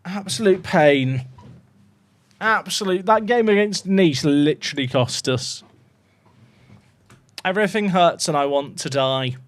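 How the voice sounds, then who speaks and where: A man's voice: fairly high pitch, lively intonation, a little slow, pauses often, clean tone. A man livestreaming a football management game, talking to his chat in a despairing, dramatic way and swearing. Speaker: streamer. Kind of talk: casual livestream gaming commentary.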